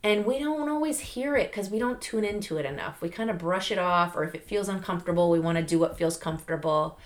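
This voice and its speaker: A middle-aged woman hosting a podcast, giving an animated, chatty motivational talk with lots of fillers and laughs. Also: lowish voice, fast talker. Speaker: podcast host. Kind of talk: casual motivational monologue.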